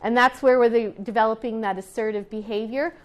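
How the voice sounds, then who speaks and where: A woman's voice: fairly high pitch, fairly even intonation, brisk. A middle-aged woman teacher and etiquette counselor, chatting to her students as she tells a story from her teaching days, often restarting sentences and adding asides to the class.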